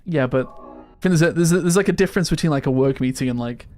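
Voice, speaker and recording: A man's voice: fairly high pitch, fast talker, a little mellow. Chatty English man streaming a game. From England. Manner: chatty, laughs often, self-deprecating. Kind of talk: casual gaming stream chat.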